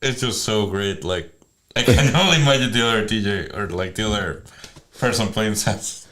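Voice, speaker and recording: A man's voice: lowish voice, normal speed, a bit bright. A man co-hosting a casual chat, reacting and laughing along to stories.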